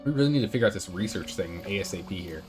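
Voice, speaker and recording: Casual gaming streamer, chatty and animated, over game music. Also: male voice, low-pitched, very fast. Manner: chatty, thinking aloud, reads game text. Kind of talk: casual let's-play commentary.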